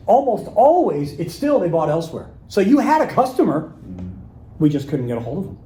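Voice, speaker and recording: A man with a high-sitting, dark-toned, sing-song voice speaks at a normal speed while leading a live sales workshop. As a sales trainer, he talks casually and performs example voicemails and emails. The recording is rough and roomy.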